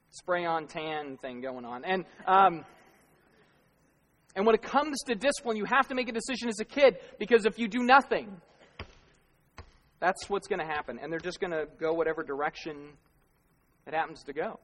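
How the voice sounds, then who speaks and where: A man with a fairly high voice preaches in a casual, talky way. He throws out rhetorical questions and owns up to his own faults. His voice rings out with the long echo of a big church hall. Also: moderate pace, long pauses, fairly bright tone. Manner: conversational preaching with self-deprecating laughs and rhetorical questions. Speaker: pastor. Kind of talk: sermon. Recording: long reverb of a large hall.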